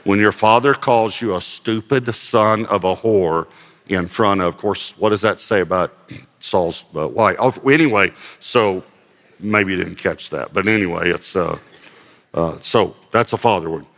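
A man's voice: low voice, a little slow, a bit bright, in a large hall. A male pastor giving a conversational sermon, reading scripture aloud and adding light self-deprecating humor.

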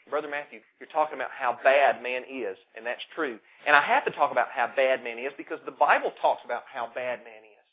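A man with a Southern drawl preaching a sermon, rising loud on key words and dropping low again. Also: animated, fairly quick, few pauses. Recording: tinny phone-like recording.

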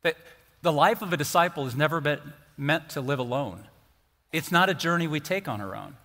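A fifty-something male pastor preaches with a bright, forceful voice that rides a little high. His storytelling is animated and playful, and the sound carries a long hall reverb. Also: fairly quick. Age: 50s. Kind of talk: sermon. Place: church sanctuary.

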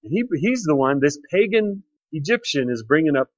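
Animated man preaching a Bible story. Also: a little high, normal speed, no room sound, highs cut off. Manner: animated storytelling, acts out quoted speech. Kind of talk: conversational sermon.

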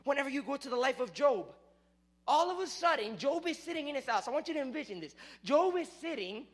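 A man with a very high voice preaches to a young crowd. His delivery is lively and animated, jumping from fervent, loud passages to quiet, hushed ones. He also drops in casual jokes to the people in front of him. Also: fast. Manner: casual, joking asides to the crowd. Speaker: youth preacher. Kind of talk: sermon.

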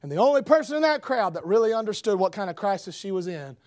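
A man preaching a revival sermon, swinging between shouted emphasis and hushed lines. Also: high voice, sing-song, fast.

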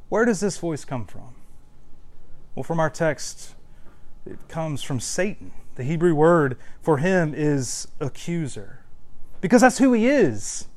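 A male pastor delivers a sermon in a loose, conversational way. His voice sits a little high for a man. He leans on repetition to hammer his points. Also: big pitch swings, slow pace. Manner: conversational and emphatic, repeats words for stress.

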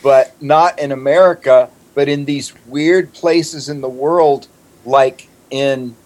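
Laid-back man host, slow talker. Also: medium pitch, steady tone, darkish tone. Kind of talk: casual chat.

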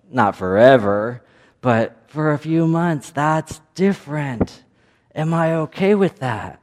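A man's voice: a little high, darkish tone. A man with a Midwestern American accent, a pastor giving a playful children's sermon and asking the children questions. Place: church sanctuary. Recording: echoey church hall.

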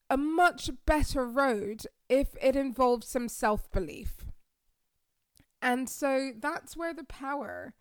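A woman's voice: high voice, smooth, no echo, clean studio sound. A woman, hosting a solo podcast in an upbeat, encouraging way and often asking "right?". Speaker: podcast host and careers coach.

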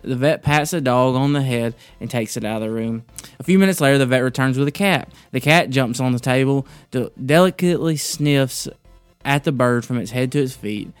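A man hosts a casual devotional talk, halting and restarting often as he tells a joke and then talks through scripture. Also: mid-range voice, clear, resonant tone, no room sound, faint music behind. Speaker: podcast host.

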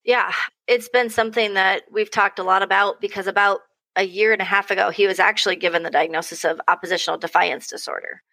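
A woman's voice: mid-range voice, fast, vocal fry, no room sound, low-quality recording. A young adult woman, a podcast guest and mother, telling stories in casual chat, often acting out voices and laughing. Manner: animated storytelling, acting out quoted voices, frequent laughs.

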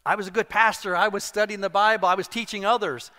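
Animated, bright-voiced male pastor preaching. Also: high-pitched, fast talker. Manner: animated storytelling with self-deprecating humor. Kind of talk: sermon. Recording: long hall reverb.

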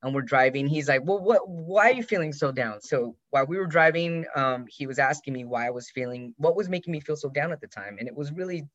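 A man hosts a personal podcast and tells a long story in a rambling, heartfelt way. He gets lively whenever he quotes his friend. The recording is dull and lo-fi, with a dry, close sound. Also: medium pitch, fast talker, few pauses, no echo. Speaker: podcast host.

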